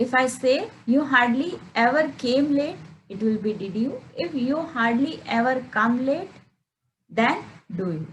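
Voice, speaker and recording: A woman teaching a grammar lesson, explaining slowly and repeating words as she reads out examples. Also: high voice, animated, fairly bright tone, a little hiss or hum, poor audio. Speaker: English teacher.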